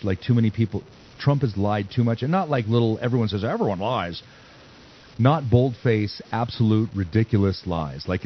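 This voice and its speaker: A man hosting a podcast in casual chat, joking and rambling. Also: on the low side. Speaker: podcast host. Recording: dull lo-fi sound with faint noise.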